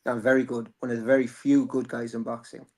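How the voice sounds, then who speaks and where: A man's voice: mid-range voice, level tone, fast, darkish tone. A man, hosting a casual boxing chat, rambling and joking, swearing freely. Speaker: boxing podcast host.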